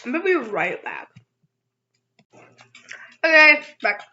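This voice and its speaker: A woman's voice: on the high side, expressive, slow, long pauses, bright, forceful tone. Giggly young woman vlogger, lo-fi sound. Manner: giggly, rambling, self-teasing. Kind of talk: casual eating vlog. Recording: dull lo-fi sound.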